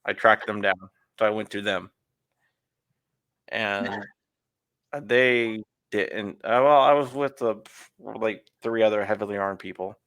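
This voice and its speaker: A man's voice: fairly low pitch, measured pace, long pauses, fairly bright tone, clean tone, no echo. A man hosting a casual live-stream interview, rambling with frequent restarts and chuckles. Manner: rambling, restarts often, laughs while talking. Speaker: host.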